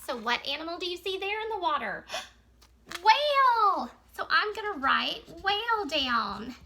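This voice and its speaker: A woman teacher reading a picture book aloud to young children in an animated, sing-song storytime voice. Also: extremely high pitch, normal speed.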